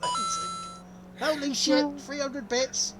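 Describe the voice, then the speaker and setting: A man streaming while driving a racing game, laughing and excitable in casual chat. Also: extremely high pitch, a little slow.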